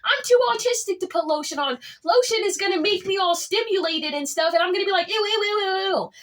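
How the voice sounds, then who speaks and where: A woman with a strikingly high voice tells a storytime to her viewers. She talks boldly and boastfully, leaping up and dropping low for drama. Her delivery stays casual and chatty throughout. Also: fast talker, fairly bright tone. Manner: dramatic, swings pitch up and down; outspoken and boastful. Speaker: vlogger.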